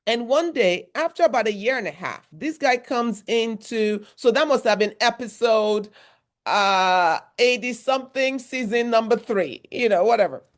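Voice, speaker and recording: A woman's voice: fairly high pitch, expressive, moderate pace. A woman from Nigeria, a therapist giving a motivational workshop talk in a conversational, repetitive style with emphatic asides.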